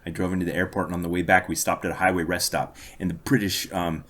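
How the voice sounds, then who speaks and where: Deep-voiced man telling long anecdotes. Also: flat delivery, fast, a bit bright. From United States. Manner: long anecdotes told with dry amusement. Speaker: podcast co-host. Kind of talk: casual chat, storytelling.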